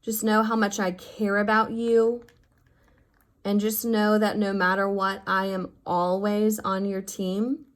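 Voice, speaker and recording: A woman teacher speaks to her fifth graders in a recorded lesson, open and affectionate. Her voice sits at an ordinary middle pitch, and she keeps an upbeat, encouraging tone as she walks them through the math. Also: flat delivery, takes it slowly. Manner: heartfelt and affectionate with her students. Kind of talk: recorded remote class lesson.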